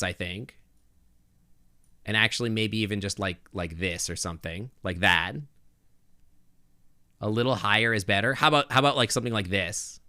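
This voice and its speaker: A man's voice: on the low side, pushed and bright, no room sound. A male game streamer chatting casually with his viewers on a close desk microphone, thinking aloud with lots of restarts and asides.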